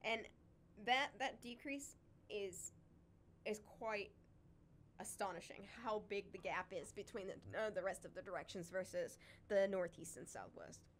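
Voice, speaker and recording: A woman's voice: medium pitch, expressive, unhurried, a little hiss or hum. A woman co-hosting a casual chat, talking with chatty enthusiasm and frequent laughs. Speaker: podcast co-host, wildlife sanctuary keeper.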